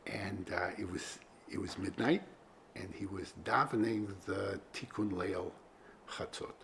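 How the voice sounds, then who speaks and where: A man teaching a religious study class, speaking in a halting, conversational way with many fillers. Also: low-pitched, creaky, a bit bright, slight background noise. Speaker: Torah teacher.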